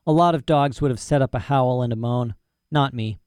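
A man's voice: mid-range voice, a little fast, a little mellow, smooth, no echo, studio quality. A man narrating a story in first person with a folksy, boastful manner and rural dialect grammar. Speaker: audiobook narrator.

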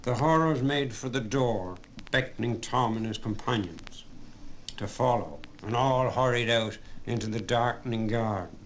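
A man reading a story aloud as narrator, with steady storytelling. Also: mid-range voice, moderate pace, slight background noise. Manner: steady storytelling, voices the characters. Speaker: audiobook narrator. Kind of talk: scripted narration.

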